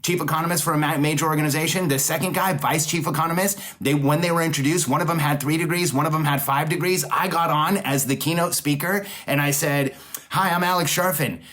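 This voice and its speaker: A man's voice: on the high side, steady tone, fast, fairly bright tone. A man hosting a solo podcast, speaking emphatically in repeated rallying phrases and often correcting himself mid-sentence. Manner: self-correcting restarts. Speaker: podcast host, business coach.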